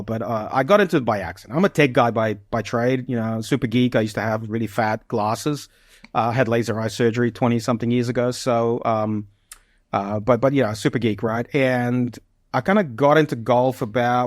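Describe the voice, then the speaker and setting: A man's voice: medium pitch, no echo, studio quality. A man in his forties who grew up in the Soviet Union, telling stories as a podcast guest, rambling with many fillers and restarts. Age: 40s. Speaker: podcast guest, business founder. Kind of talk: casual interview storytelling.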